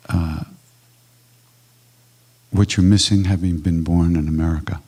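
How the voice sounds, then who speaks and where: An older man, a kirtan teacher, answers questions at a live retreat in an ashram hall, telling stories in a warm, casual, conversational way. His voice sits low, with fairly even intonation and an unhurried pace.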